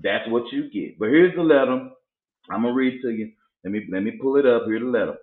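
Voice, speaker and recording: A man's voice: mid-range voice, brisk. A man hosting a casual chat show, telling stories with animation and acting out other people's voices. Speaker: podcast host. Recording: tinny phone-like audio in an echoey room.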